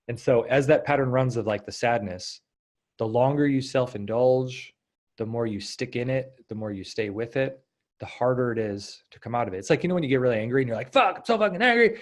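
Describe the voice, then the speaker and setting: Lower-voiced man coaching, animated asides. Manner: animated, acts out inner voices. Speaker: podcast guest, coach. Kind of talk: casual interview talk.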